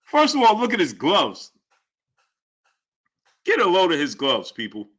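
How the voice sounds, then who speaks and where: A man on a live sports stream, talking in a high, bright voice that swings widely in pitch. He reacts with mock disbelief and says the same line over and over while reading viewer chat. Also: unhurried. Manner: animated, incredulous, repeats phrases. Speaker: sports channel host. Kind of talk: live-stream commentary reading super chats.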